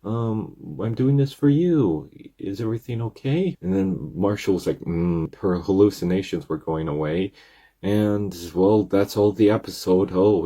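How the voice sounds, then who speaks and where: Man, casual rambling recap delivery, mellow and slightly husky tone. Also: low-pitched. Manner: rambling, excitable retelling with many restarts. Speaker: video recap creator.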